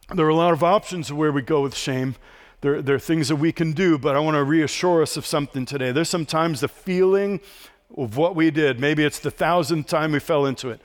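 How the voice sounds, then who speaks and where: Middle-aged male pastor, earnest sermon delivery, slightly higher voice, questions for the room. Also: moderate pace. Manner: earnest preaching to a congregation, asks the room questions.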